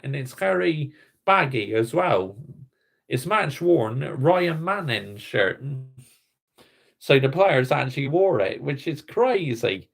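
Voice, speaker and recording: A man ranting on a livestream, greeting his chat and swearing bluntly as he vents about football. His voice is gravelly and creaky, pitched a little higher than most men's. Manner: heated and blunt, swearing, talking to chat viewers. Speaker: football fan streamer. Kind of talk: casual livestream rant.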